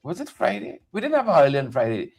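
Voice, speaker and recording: A man's voice: fairly high pitch, huge pitch swings, quick pace, creaky, a little mellow, soft background music. Chatty man hosting a morning stream. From Caribbean. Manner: chatty and playful, repeats words, greets viewers by name. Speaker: morning show host. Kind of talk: casual live-stream chat greeting viewers.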